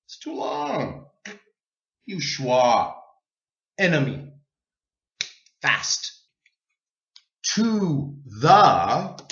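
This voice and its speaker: A man teaching an English pronunciation lesson, slow and deliberate, drawing out sounds for learners to repeat. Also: mid-range voice, a bit bright, reverberant, lo-fi sound.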